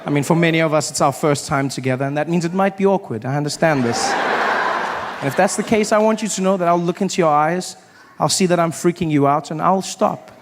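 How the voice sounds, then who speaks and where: Young man, stand-up comedian, animated storytelling, slightly high voice, live stage audio with noise. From South Africa. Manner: animated storytelling, acts out voices, quick asides.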